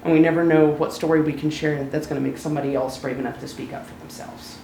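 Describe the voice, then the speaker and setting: A speaker telling a personal story live on stage, chatty and lightly humorous, slowing down at emotional moments. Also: medium pitch, fairly even intonation, roomy sound, slight background noise, poor audio. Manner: conversational, warm-humored, slows down for emotional moments.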